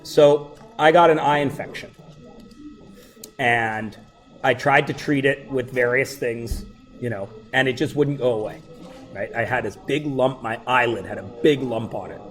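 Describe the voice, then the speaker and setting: A middle-aged male teacher telling funny personal stories to his class, animated and breaking into loud exclamations. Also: medium pitch, measured pace, soft background music. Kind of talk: storytelling to a class.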